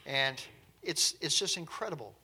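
A man's voice: a little high, expressive, moderate pace, pushed and bright, husky. A man preaching a sermon in a conversational, emphatic way, with light chuckles now and then.

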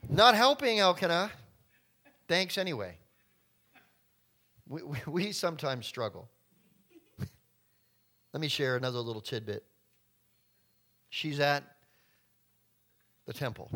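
A man's voice: a little high, lively intonation, unhurried, long pauses, pushed and bright. A middle-aged man preaching a conversational sermon, often acting out voices and asides. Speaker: pastor.

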